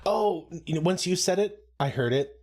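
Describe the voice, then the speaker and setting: A man's voice: high-pitched, lively intonation, normal speed, darkish tone, husky. A man co-hosting a live watch-along, chatting casually, laughing often and making playful asides. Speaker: co-host of a show watch-along.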